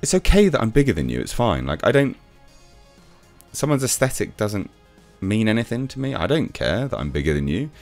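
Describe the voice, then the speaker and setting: A man's voice: fairly low pitch, very animated, brisk, a little mellow, faint music behind. A man giving a sarcastic, exasperated commentary rant as a reviewer. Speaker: YouTube reviewer. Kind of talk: ranting commentary.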